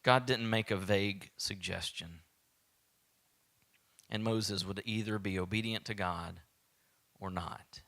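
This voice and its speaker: Bright-voiced man preaching a sermon. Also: on the low side, takes it slowly, pauses often. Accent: Southern American. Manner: animated, acts out quoted voices, drops to a hushed whisper. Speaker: pastor.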